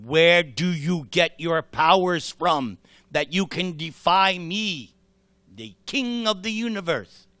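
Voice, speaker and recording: A man voicing a furious, proud demon king in a retold scripture story, shouting and mocking. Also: fairly high pitch, very animated, takes it slowly, creaky, hardly any pauses, no room sound, full character voice. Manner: shouting, boastful, mocking laugh.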